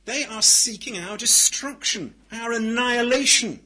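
On a low-quality recording, a male preacher with a high, bright, husky voice delivers a sermon, phrasing each line deliberately and emphatically. He swings dramatically from near-whispers to ringing declarations, his tone staying bright even at its quietest.

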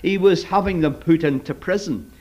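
Here a man preaches to kids, narrating a Bible tale like a storyteller and talking straight to his young listeners. He speaks at a normal speed, with a higher-than-average pitch and a somewhat dark tone. It's captured on a dull, lo-fi recording.

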